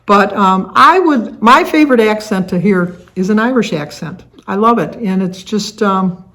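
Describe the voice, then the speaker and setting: An older woman from the Detroit area, United States, chatting casually to camera as a vlogger, rambling with lots of fillers and restarts. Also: fairly high pitch. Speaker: vlogger hosting a tag video.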